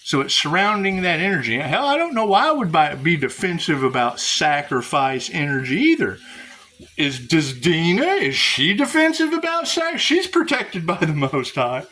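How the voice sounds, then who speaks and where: A man's voice: fairly high pitch, sing-song, normal speed, bright, forceful tone, slight background noise. A man rambling to his viewers in a spiritual vlog, sarcastic, swearing and laughing often. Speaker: spiritual vlogger.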